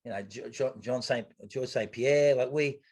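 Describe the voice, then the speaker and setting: Husky Australian man, lively storyteller. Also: medium pitch, moderate pace. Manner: animated, acts out quoted voices, swears casually. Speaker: guest, retired triathlete. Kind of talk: casual storytelling interview.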